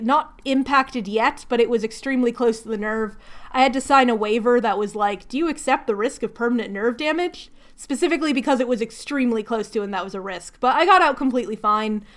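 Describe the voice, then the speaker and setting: A woman's voice: on the high side, brisk, fairly bright tone. A woman chatting casually while doing crafts at home, rambling and laughing often. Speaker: craft vlogger hosting a hangout.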